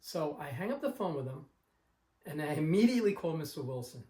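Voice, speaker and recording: A man's voice: on the high side, big pitch swings, a little fast, a little mellow. Rambling storyteller man in an echoey room. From Long Island. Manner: rambling, anecdotal, acts out the other people in his story. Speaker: car collector vlogger. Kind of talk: casual storytelling.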